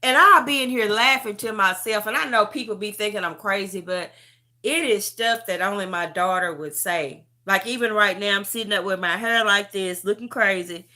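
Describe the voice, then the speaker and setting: Bright-voiced middle-aged woman testifying. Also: mid-range voice, normal speed. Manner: heartfelt, repetitive, talks straight to viewers. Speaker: livestream host. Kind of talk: emotional testimony chat. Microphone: phone.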